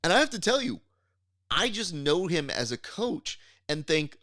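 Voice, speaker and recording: Animated podcast host, dry close mic. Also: male voice, normal speed, no room sound. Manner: animated, riffing, pitching ideas with mock appeals. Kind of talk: casual podcast chat.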